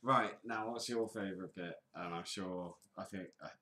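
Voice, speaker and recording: A man's voice: low voice, normal speed, pushed and bright. Crude, joking man in an echoey room. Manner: crude, mocking, puts on voices to quote. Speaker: podcast co-host. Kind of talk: casual chat. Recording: roomy echo.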